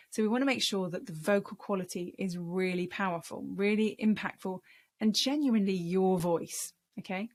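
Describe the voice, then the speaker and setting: A woman gives a speaking-tips lesson straight to camera. Her delivery is emphatic and encouraging, the voice of a coach. She sits at a medium pitch.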